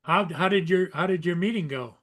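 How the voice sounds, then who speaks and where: A man's voice: sits high, a little fast, fairly bright tone. A man hosting a casual live stream, relaying chat comments to his guests. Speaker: host.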